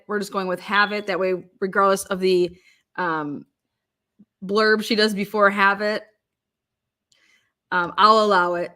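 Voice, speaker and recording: A woman hosting a live-stream chat, excitable and giggly, swearing casually. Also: mid-range voice, slow pace, pauses often. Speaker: livestream host.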